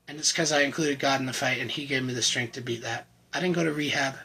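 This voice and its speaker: A man giving an earnest, emotional personal faith testimony to the camera, often halting and repeating words. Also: a little high, fairly bright tone, breathy edge, rough recording. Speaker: channel host sharing his recovery testimony.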